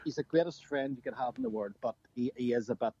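A man's voice: mid-range voice, fast, warm tone, dull audio, a little hiss or hum. A man with a Northern Irish accent, a guest on a casual podcast, trading cheeky jokes with the hosts. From Northern Ireland. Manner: cheeky, joking banter.

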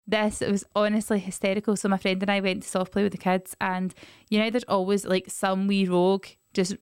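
A Scottish woman chatting on a podcast and spinning stories with lots of energy. Her voice is smooth and clean, recorded close and dry with no room sound. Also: medium pitch, brisk, no echo. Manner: animated storyteller. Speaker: podcast co-host. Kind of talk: casual chat.

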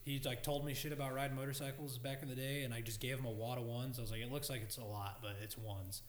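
A man's voice: medium pitch, steady tone, quick pace, roomy sound. A man telling anecdotes in casual podcast chat, swearing and laughing as he acts out quotes. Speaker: podcast guest, barber.

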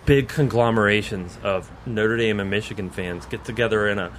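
A man's voice: fairly low pitch, normal speed, fairly bright tone, a little hiss or hum. A man hosting a college football podcast, chatting casually in a joking, rambling way and laughing often. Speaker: podcast host. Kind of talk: casual sports chat.

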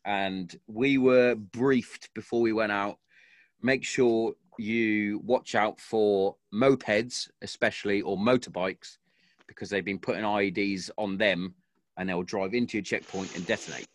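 A man's voice: on the low side, steady tone, unhurried, no room sound, clean studio sound. A man and army veteran, telling a war story in casual chat with a lot of swearing and acted-out quotes.

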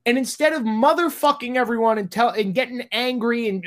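A man's voice: very high-pitched, lively intonation, normal speed, hardly any pauses, a bit bright. A man, a film director, talking candidly in an interview, blunt and exasperated, swearing freely and acting out the conversations he recounts. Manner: acts out quoted exchanges.

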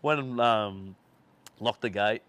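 A man's voice: lowish voice, slow, fairly bright tone. A man hosting a podcast, telling a long, rambling anecdote in casual chat, swearing freely and laughing through his stories. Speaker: podcast host.

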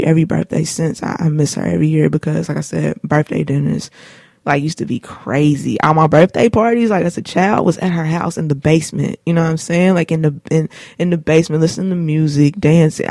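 A woman in her late twenties talks through personal memories on her own show, loose and slangy, full of fillers. Her voice is dark and mellow with a gravelly edge. The sound is close and dry. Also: sits low, steady tone, fairly quick, dry recording. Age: late 20s. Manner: laid-back, rambling, slangy, many fillers. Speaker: show host. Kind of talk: casual personal storytelling. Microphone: studio mic.

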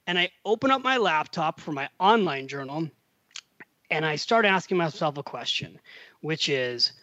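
Recorded at home in Italy, the muffled audio has no room sound and catches a slightly high-voiced American man speaking at a moderate pace. He's middle-aged and appearing as a podcast guest. In relaxed conversation he tells a long story with animation, voicing each person he quotes.

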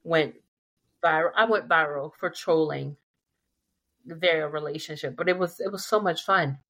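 A woman hosting a casual podcast chat, telling stories with lively delivery and acting out quotes in playful voices. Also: low-pitched, moderate pace. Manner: animated storytelling, acts out quotes in playful voices. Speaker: podcast host.

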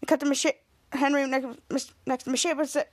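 A woman with a high voice hosts a podcast and recaps a TV episode. She rambles and restarts often, and slips into the characters' lines as she goes. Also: little pitch movement, fast talker. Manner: rambling retelling with many restarts, acting out lines. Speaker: podcast host.

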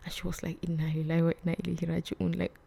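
A young woman, telling a personal story on her vlog in a soft, hesitant way that often drops to a whisper. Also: fairly low pitch, flat delivery, very fast, gravelly, slightly rough. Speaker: vlog host.

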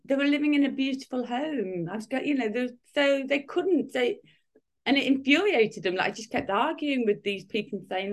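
A woman's voice: high voice, lively intonation, moderate pace. A woman in her fifties, a guest in a casual interview, talking in rambling sentences full of restarts and fillers. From United Kingdom. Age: 50s.

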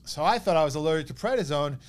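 A man in his thirties with a New York accent, telling a personal story as a podcast guest in an animated way, acting out what others said. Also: a little high, rapid-fire. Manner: animated, quotes others in lively bursts.

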